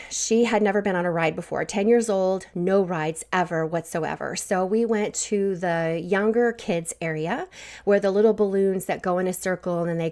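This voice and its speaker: Grandmotherly woman telling a faith talk. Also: medium pitch. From Southwest Missouri. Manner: warm storytelling with laughs. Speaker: podcast host. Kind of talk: faith-based encouragement talk.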